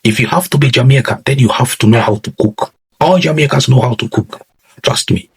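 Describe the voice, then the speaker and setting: Emphatic man with a husky voice. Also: medium pitch, a little fast. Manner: repeats "ladies and gentlemen", emphatic and preachy. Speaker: commentary channel host. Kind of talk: reaction commentary to camera.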